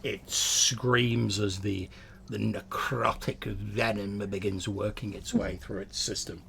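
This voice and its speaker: A man's voice: fairly low pitch, fairly even intonation, slow pace, vocal fry, fairly bright tone, a little hiss or hum. A man narrating a tabletop game as game master, describing the action with small hesitations.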